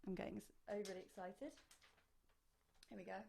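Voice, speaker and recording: A woman's voice: medium pitch, fairly even intonation, normal speed, vocal fry, darkish tone, slight background noise. A woman choir leader teaching harmony parts online, chatty and enthusiastic, singing short phrases to demonstrate. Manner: enthusiastic, hesitant fillers.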